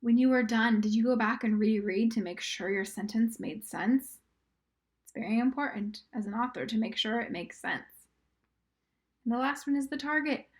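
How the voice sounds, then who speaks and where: A woman on the high side gives a recorded lesson in reading and writing to young children. Patient and encouraging, she sounds out words at a slow pace and sometimes goes down to a whisper.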